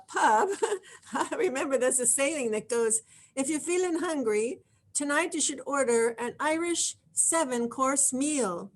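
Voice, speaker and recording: A woman hosting a casual online party and quiz, chatty and joking, who laughs easily. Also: high voice. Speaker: party host. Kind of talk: casual hosting on a video call. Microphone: video call.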